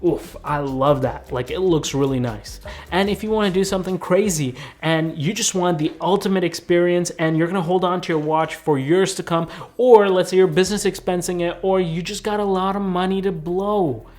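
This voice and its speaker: A man's voice: on the high side, a little mellow. Chatty man reviewing tech gadgets. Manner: enthusiastic, chatty, addresses viewers as guys. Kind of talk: casual product review.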